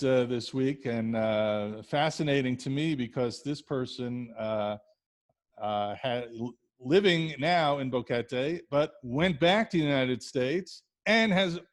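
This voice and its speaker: A man co-hosting a podcast, talking casually with lots of pauses and fillers. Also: medium pitch. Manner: hesitant, many fillers. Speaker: podcast co-host.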